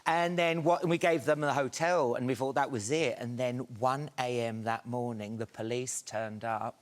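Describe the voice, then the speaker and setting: A man's voice: medium pitch, steady tone, moderate pace. A British man, a chat show guest, telling a funny story with giggles and put-on voices. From Britain. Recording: studio with loud noise.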